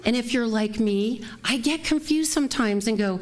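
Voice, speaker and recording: A woman's voice: a little high, moderate pace, hardly any pauses. A woman minister giving a conversational sermon that mixes a personal story with a closing prayer, laughing now and then. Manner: warm, conversational, laughs often. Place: church sanctuary.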